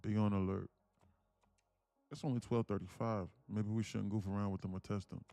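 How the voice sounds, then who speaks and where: A man's voice: on the low side, level tone, moderate pace, vocal fry, warm tone, no room sound, soft background music. Passionate man hosting a trading stream. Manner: passionate, emphatic, swears freely. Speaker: day trading livestream host. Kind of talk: live streaming trading talk.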